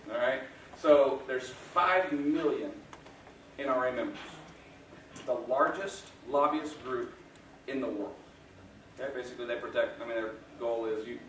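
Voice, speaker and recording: A guest speaker gives a motivational talk, his medium-pitched voice fairly bright, chuckling often through self-deprecating stories told to an audience. The recording has a little hiss or hum, an echoey room, and a distant mic.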